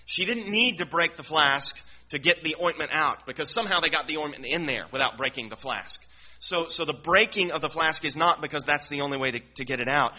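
A man's voice: fairly high pitch, a little fast, pushed and bright. A man teaching through a Bible passage verse by verse, earnest and explanatory, often repeating words as he works through a thought. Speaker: preacher.

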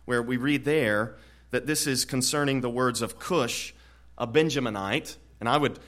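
A man preaching an expository sermon in an earnest way, often repeating words and growing louder on key points. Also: medium pitch. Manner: earnest, frequent word repetitions, swells louder on key points.

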